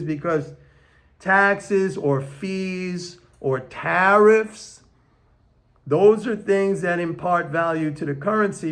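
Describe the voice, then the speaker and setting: An older man giving a casual, emphatic opinion monologue on economics, slowing down to stress his points, recorded on a camera on a tripod. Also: fairly high pitch, fairly bright tone. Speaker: economics commentator.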